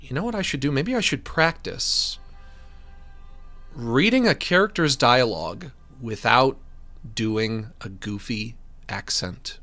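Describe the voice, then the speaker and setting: A man chatting on a gaming stream, rambling in a goofy, animated way at a desk microphone. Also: medium pitch, slow pace, faint music behind. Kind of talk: casual gaming stream chat.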